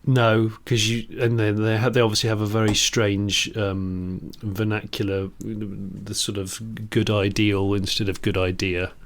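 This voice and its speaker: A man's voice: lowish voice, level tone, a little slow, hardly any pauses. A man co-hosting a podcast, telling rambling anecdotes in casual chat, full of restarts and laughs. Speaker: podcast co-host.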